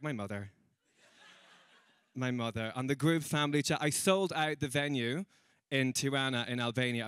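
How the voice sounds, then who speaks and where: A man's voice: mid-range voice, fairly bright tone, clean tone, no echo. A young Irish man doing a stand-up comedy set on a stage, chatty and self-mocking, acting out other people's voices as he goes. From Ireland.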